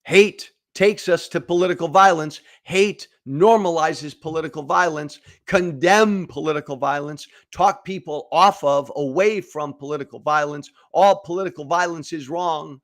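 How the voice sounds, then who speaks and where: A man's voice: on the high side, moderate pace. A middle-aged man hosting a political commentary show, speaking emphatically, with repeated phrases and stammered restarts. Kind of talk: direct-to-camera political commentary.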